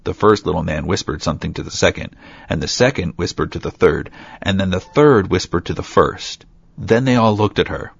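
A man reading a fairy tale aloud with steady storytelling and light asides, in a dull, dry lo-fi recording. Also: low-pitched, a little fast, vocal fry.

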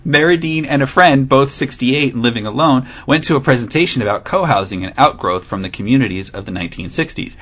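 Reading a news article aloud on a laid-back podcast he co-hosts, a man keeps dissolving into laughter. His mid-range, slightly bright voice moves fast with few pauses, giggly and amused, adding playful emphasis.

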